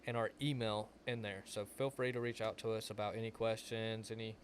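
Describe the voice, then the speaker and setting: A man's voice: on the low side, level tone, fairly quick, slight background noise. A young man, co-hosting a podcast and telling a rambling story that leans on "like". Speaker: podcast co-host. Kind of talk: casual chat.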